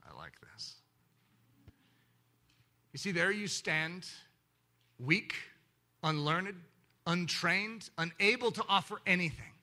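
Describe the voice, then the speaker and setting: Man, pastor, sermon, animated, loud-to-hushed swings, high bright voice. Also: takes it slowly, pauses often.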